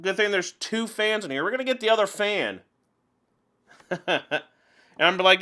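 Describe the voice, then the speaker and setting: A man giving casual, animated commentary while playing an online card game, ranting and laughing as he goes. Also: sits high, normal speed. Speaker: gameplay commentator.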